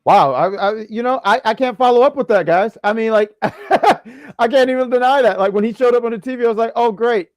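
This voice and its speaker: A man's voice: high-pitched, no echo. Dry-sounding man, teasing banter. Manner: playful teasing, lots of fillers. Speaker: podcast host. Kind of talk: casual wrestling review chat.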